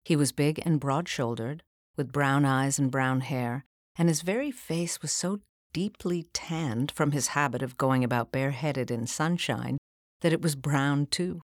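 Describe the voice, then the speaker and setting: A woman narrating a classic novel in a measured, unhurried reading. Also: extremely low pitch, no room sound, studio quality. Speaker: audiobook narrator. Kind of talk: storybook narration.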